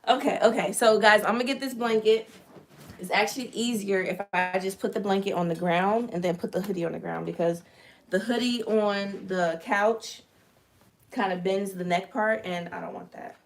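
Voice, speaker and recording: A woman with a medium-pitched voice speaks at normal speed while hosting a casual live stream from her living room. She chats directly with her viewers, explaining each step as she makes merch.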